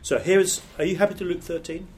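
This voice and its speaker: A man's voice: sits high, steady tone, quick pace, a little mellow, a little hiss or hum. A middle-aged British man, a pastor, giving a training talk on preaching in an earnest, emphatic, conversational way with restarts. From Britain.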